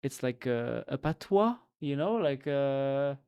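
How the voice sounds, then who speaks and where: A man's voice: mid-range voice, expressive, slow, a little mellow, smooth. A man from France with a French accent, chatting casually on a live stream and thinking aloud with lots of fillers.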